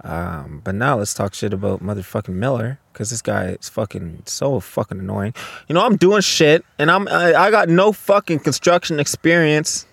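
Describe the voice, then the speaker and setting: A man's voice: medium pitch, expressive, normal speed, creaky, a bit bright, husky, dry recording. Profane ranting man on a dry mic. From Canada. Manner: profane, rambling, heated ranting. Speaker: podcast host. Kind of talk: casual solo podcast monologue.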